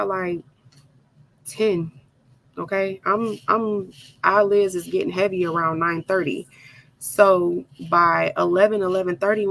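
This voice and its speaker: A woman hosting a crafting video, telling an animated, dramatic story straight to her viewers while she works. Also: fairly low pitch, vocal fry, rough recording. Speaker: crafting channel host.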